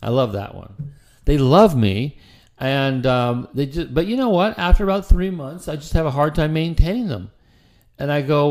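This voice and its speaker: A man's voice: fairly high pitch, animated, a little fast, a little mellow. A middle-aged man coaching chiropractors in a casual, conversational style that often repeats words and restarts sentences. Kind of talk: casual instructional talk.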